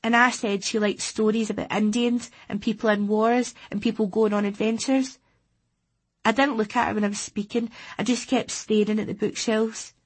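A Scottish woman narrates an audiobook in a teenage boy's first person. Her telling is steady and plain. The voice is husky. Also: mid-range voice, moderate pace. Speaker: audiobook reader.

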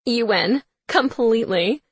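A woman's voice: fairly high pitch, animated, a little slow, breathy edge, dry recording. A woman voicing a saucy, coy young sorority leader who schemes. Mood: smug.

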